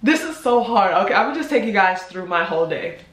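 A woman's voice: mid-range voice, big pitch swings. Hesitant young woman in a roomy echo. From United States. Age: 20s. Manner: hesitant, heartfelt, many pauses and ums. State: holding back tears. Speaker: vlogger. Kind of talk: personal confessional vlog.

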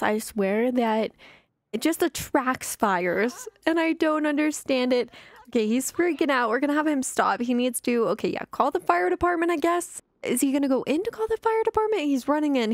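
A woman giving casual let's-play commentary, excitable and chatty as she talks to her viewers. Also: sits high, normal speed, no echo. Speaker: gameplay commentator.

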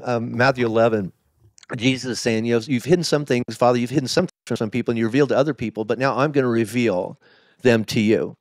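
Candid middle-aged pastor, halting and emotional. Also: male voice, mid-range voice, no echo, clean studio sound. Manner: emotional, halting, with many restarts and quoted asides. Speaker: lead pastor. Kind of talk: candid podcast interview storytelling.

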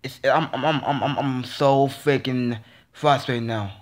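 A man's voice: mid-range voice, fairly even intonation, measured pace. A man vlogging a frustrated, casual rant, repeating himself and stammering through restarts. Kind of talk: ranting casual monologue.

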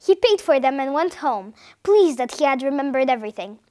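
Woman storyteller; high voice, very animated delivery. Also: brisk. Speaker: story reader. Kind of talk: read-aloud storytelling.

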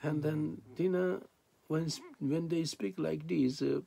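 A man's voice: on the high side, fairly even intonation, slow, gravelly, mellow, husky. A man preaching a sermon in non-native English, reading scripture and then explaining it with rhetorical questions.

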